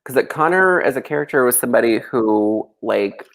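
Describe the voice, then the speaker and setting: A man's voice: mid-range voice, brisk, vocal fry. A young man, a guest author, chatting and joking loosely with many fillers over a video call. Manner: lively, joking, full of fillers. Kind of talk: casual livestream chat.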